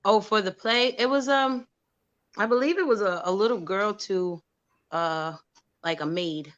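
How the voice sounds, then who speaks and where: A woman's voice: medium pitch, a little slow, muffled recording. A woman from New York, an actress and producer, telling stories in a casual interview and acting out the voices of the people she quotes. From New York, USA. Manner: animated, acts out quoted voices.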